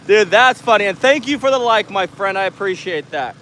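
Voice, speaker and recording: A man's voice: sits high, animated, a little fast, pushed and bright, a little hiss or hum. A man from the United States hosting a live stream, joking and laughing as he reads viewer comments aloud, recorded on a handheld camera outdoors. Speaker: livestream host reading chat. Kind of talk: casual live chat. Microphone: handheld camera mic.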